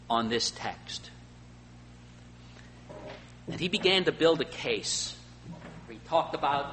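A male pastor preaching a sermon, swinging between loud emphatic lines and quiet asides. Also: medium pitch. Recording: faint hum and long hall reverb.

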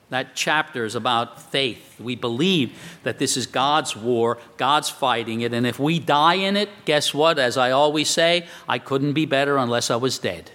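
A man preaching a sermon as a pastor, animated and emphatic. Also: on the high side. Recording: long hall reverb.

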